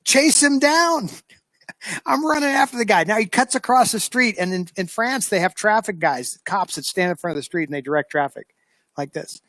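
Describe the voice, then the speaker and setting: High-voiced animated man telling a story. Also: moderate pace, no room sound. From United States. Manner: animated storyteller, lively re-enactment. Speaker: show host. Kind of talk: casual anecdote telling.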